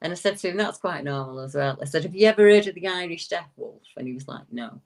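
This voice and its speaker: A woman telling a long story in a casual, lively way. She leaps up into a high voice whenever she quotes someone, and she often restarts a sentence partway through. She sounds like a guest chatting on a talk show. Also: quick pace, gravelly. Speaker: guest paranormal investigator.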